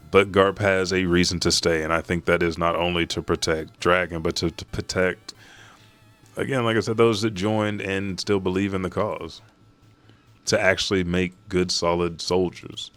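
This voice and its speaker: A man hosting a live reaction to a manga chapter. He recaps it in an excited, profane and rambling way. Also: low voice, moderate pace, faint music behind.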